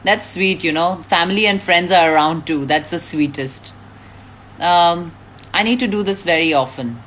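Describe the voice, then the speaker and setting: A woman with a lowish, fairly bright voice chats casually on a live stream at a moderate pace, reading out fans' names and comments, thanking them and laughing often. There's a little hiss or hum on the recording.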